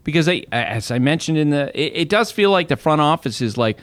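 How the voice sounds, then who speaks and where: A man's voice: on the high side, expressive, a little fast, few pauses, fairly bright tone, dry recording, clean studio sound. A man talking baseball as an analyst on a casual podcast, telling stories conversationally, with restarts and laughs.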